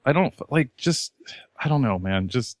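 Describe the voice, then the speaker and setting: A man's voice: mid-range voice, lively intonation, moderate pace, dry recording, clean studio sound. A man co-hosting a podcast in casual chat, ranting in a profane, exasperated way. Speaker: podcast co-host.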